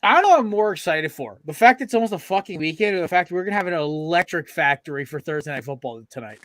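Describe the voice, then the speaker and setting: A young man hosting a casual sports podcast, talking in an excitable, rambling, profane way. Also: on the high side, fast talker. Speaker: podcast host.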